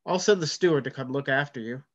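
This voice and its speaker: A weary ship's carpenter, played by a man reading aloud, keeps his voice low and careful. The story reading is heard on a dull, lo-fi recording. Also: fast talker, a bit bright, close to an everyday voice. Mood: restrained.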